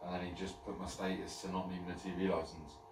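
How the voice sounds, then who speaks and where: Fast-talking indignant young man. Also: sits low, little pitch movement. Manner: indignant, complaining. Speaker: podcast co-host. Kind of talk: casual chat. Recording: echoey room, mic at a distance, faint noise.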